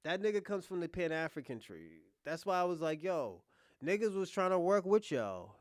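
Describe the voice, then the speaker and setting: A man from the United States hosting a livestream, giving blunt, profane casual commentary and talking back to his chat in loud bursts. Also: high-pitched, very animated, moderate pace, no room sound, clean studio sound. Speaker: livestream host.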